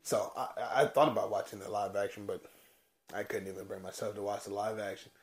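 A man's voice: lowish voice, fairly even intonation, brisk. A man co-hosting a podcast in easygoing casual chat, laughing a lot. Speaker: podcast co-host.

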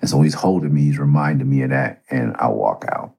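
Podcast host, middle-aged man, deep and husky, rambling and cursing through a story. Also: brisk, a little mellow. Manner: profane, rambling, conversational. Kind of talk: casual storytelling.

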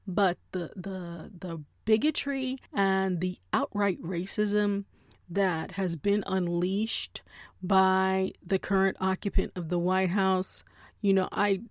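A woman hosts a podcast with casual, comedic storytelling. She is animated and playful and often breaks into exaggerated voices to act out what other people said. Her voice sits at an ordinary pitch and is recorded close and dry, with no room sound. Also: no echo. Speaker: podcast host.

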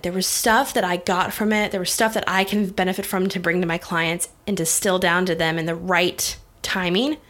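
Woman, young adult, coaching talk, chatty and upbeat, mid-pitched voice. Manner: energetic, chatty, addresses listeners as guys and honey. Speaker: business coach. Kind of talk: casual direct-to-camera coaching talk.

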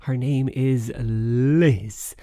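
A man's voice: medium pitch, fairly even intonation, drawn-out words, dark tone, no room sound, studio quality. A man hosting a podcast in casual chat, playful and teasing. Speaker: podcast host.

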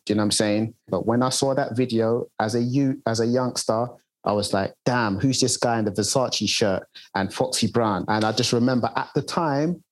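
British DJ man chatting in an interview. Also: medium pitch. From United Kingdom. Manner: conversational, repeats "do you know what I'm saying". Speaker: DJ and radio presenter.

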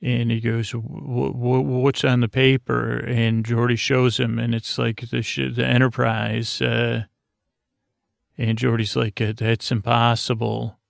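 Flat gravelly man rambling sleepily. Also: medium pitch, slow pace, no room sound. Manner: rambling retelling with many fillers. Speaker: podcast host. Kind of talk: sleepy episode recap.

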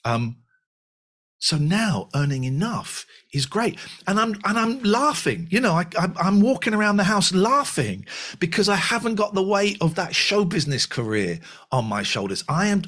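A man's voice: on the high side, fairly bright tone. A man of about fifty, a podcast guest talking candidly and animatedly, with frequent restarts and repeated phrases. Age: 50s. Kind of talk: candid conversational reflection.

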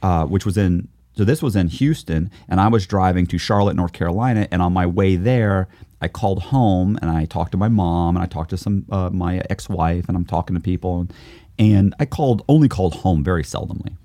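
Low-voiced man telling a story. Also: brisk, dry recording, studio quality. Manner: animated, acts out quoted dialogue, chuckles often. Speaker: guest, author and former con artist. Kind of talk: casual storytelling in a podcast interview.

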